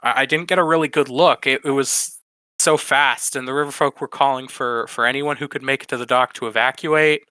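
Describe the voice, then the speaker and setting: A man's voice: mid-range voice, steady tone, a little fast, sharp tone, no echo, close to an everyday voice, poor audio. A man voicing a battered frog bodyguard lady. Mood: weary, pained. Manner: weary, wincing, sardonic. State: in pain from a head injury. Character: tough young female frog bodyguard, wry.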